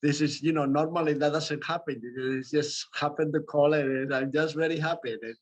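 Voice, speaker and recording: A man's voice: a little high, fairly even intonation, normal speed, low-quality recording. A man from South America, presenting a talk, tells a personal story in a loose, rambling way with restarts and asides. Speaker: presenter of a medical talk series.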